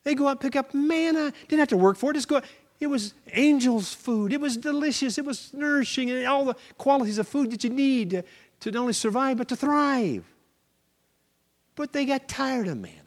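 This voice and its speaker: A male pastor preaching a sermon, animated storytelling with acted-out voices and sudden shouts. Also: extremely high pitch, fairly quick, in a large hall.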